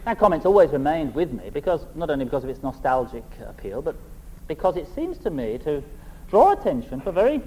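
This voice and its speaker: A middle-aged man preaching a sermon, reading scripture and then speaking in a measured, emphatic, rhetorical way. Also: on the high side, warm tone, low-quality recording.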